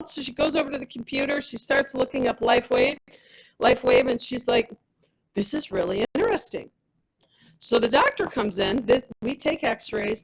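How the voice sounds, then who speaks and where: A woman's voice: fairly high pitch, creaky, slightly rough, low-quality recording. A woman giving a personal testimonial as a product rep, telling her story with animation and acting out the dialogue of others.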